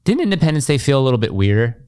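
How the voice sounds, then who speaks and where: A man's voice: medium pitch, big pitch swings, very fast, a little mellow, clean tone, dry recording, studio quality. Blunt, sarcastic young man on a podcast. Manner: blunt, sarcastic, acts out other people's lines. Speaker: podcast co-host. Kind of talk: casual chat. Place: podcast studio.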